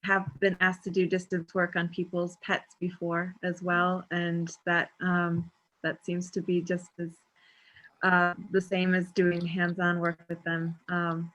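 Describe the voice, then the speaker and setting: A woman in a casual group chat, speaking in a measured, hesitant way with frequent ums. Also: lowish voice, monotone, fairly bright tone. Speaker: group participant. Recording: dull lo-fi sound.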